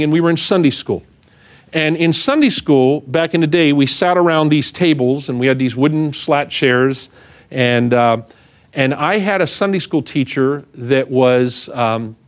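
A middle-aged man, a pastor, telling a humorous personal story in a sermon, self-mocking and acting out the voices of the people in it. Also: fairly high pitch.

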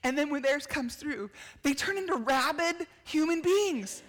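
A middle-aged woman giving an animated storytelling sermon, acting out quotes with laughs and shouts. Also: high voice, unhurried, in a large hall. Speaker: speaker at a church gathering.

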